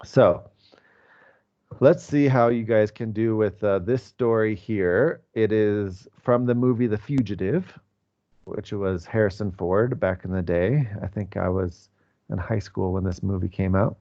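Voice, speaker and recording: A man's voice: fairly low pitch, unhurried, mellow, muffled recording. A man in his forties teaching an online English class, patient and explanatory with many fillers. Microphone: video call.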